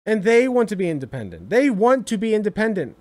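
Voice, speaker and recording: A man's voice: high voice, wildly swooping pitch, quick pace, darkish tone. A young man giving casual reaction commentary, exasperated, swearing freely and repeating himself for emphasis.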